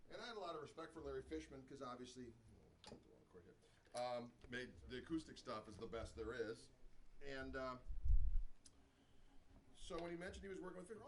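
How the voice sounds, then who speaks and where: A man's voice: medium pitch, lively intonation, fairly quick, fairly bright tone, a little hiss or hum, rough recording. A man casually telling a rambling story at a live guitar clinic, peppered with "you know". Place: music store clinic before an audience.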